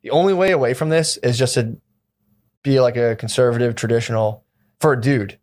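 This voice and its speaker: A man's voice: mid-range voice, brisk, a little mellow. A man in loose, profane podcast chat, rambling with many restarts.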